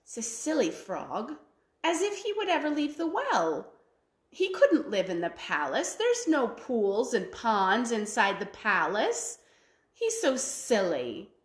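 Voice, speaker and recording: A high, breathless young princess from a storybook, pleading and a little spoiled, as a woman storyteller puts her on. Her voice leaps around in a lively way, and the sound rings in an echoey room. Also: slow, full character voice. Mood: scornful. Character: a young spoiled princess, tearful then eager.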